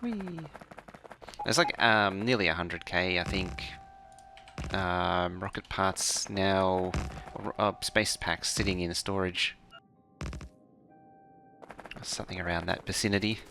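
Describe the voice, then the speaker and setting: Low, gravelly man streaming a game. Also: slow, pauses often, soft background music. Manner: relaxed, muttering to himself while playing; makes playful mouth sound effects. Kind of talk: casual live-stream commentary.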